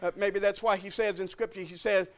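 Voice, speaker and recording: A man's voice: sits high, fairly even intonation, brisk. A man preaching a sermon in a church, repeating lines in rhythm and calling out to the congregation. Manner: rhythmic call-and-response preaching that builds to shouting.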